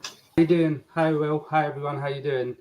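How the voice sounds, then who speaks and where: A man with a Nottingham English accent explaining his views at length, steady and earnest. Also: a little high, brisk, low-quality recording. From England. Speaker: guest.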